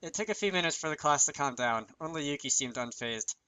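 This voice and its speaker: Man, slightly high and bright, reads a visual novel with joking asides. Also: expressive, quick pace, clear, resonant tone. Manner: self-deprecating, chatty asides. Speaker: channel host.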